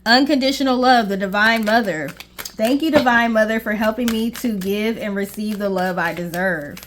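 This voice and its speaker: A woman's voice: medium pitch, normal speed, background noise. A woman giving a casual tarot reading to viewers, reassuring and checking in with "okay?" often. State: briefly out of breath. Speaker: tarot reader.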